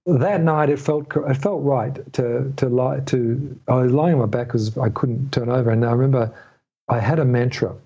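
A man's voice: mid-range voice, moderate pace, warm tone, breathy edge. A middle-aged man telling a long personal story as a podcast guest, rambling with many restarts. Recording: dull lo-fi audio.

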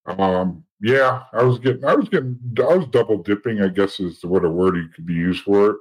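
Man, fairly low voice, blunt and profane, casual storytelling, acts out other people's lines. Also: a little fast, breathy edge, poor audio. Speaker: interview guest, former police officer and informant.

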